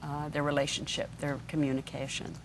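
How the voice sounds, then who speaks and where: A woman's voice: low voice, monotone, a little fast, slight background noise, rough recording. A woman hosting a daytime TV talk show, encouraging her guest with short affirmations.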